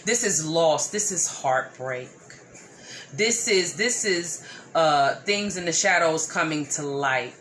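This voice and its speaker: A woman giving a collective tarot reading, sometimes slow and soothing, sometimes playful with slang. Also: deep voice, lively intonation, slight background noise. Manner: earnest, slow and soothing, with repeated phrases; playful slang and loud laughing. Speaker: tarot reader.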